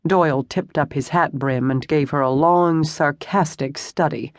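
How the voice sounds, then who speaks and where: A steady audiobook narrator in scripted narration, mid-pitched and even. Recorded close on a studio mic, bone dry with no room at all. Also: measured pace, few pauses, dry recording.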